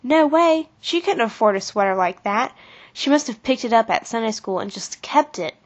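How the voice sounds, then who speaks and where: A woman's voice: on the high side, expressive, moderate pace, highs cut off. Woman doing a whiny, fretful young girl. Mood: indignant. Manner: whiny, complaining. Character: fretful young schoolgirl, quick to blame.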